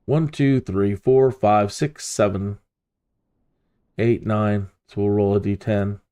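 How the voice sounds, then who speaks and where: Relaxed man narrating a flight sim. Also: fairly low pitch, takes it slowly, clean tone. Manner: relaxed, thinks aloud with fillers. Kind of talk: casual gameplay commentary.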